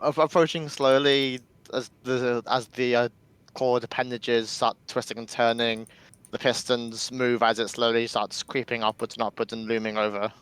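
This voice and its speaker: A man playing a tabletop game who describes his character's actions haltingly, searching for the words. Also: medium pitch, level tone, a bit bright, clear, resonant tone, no room sound. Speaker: player.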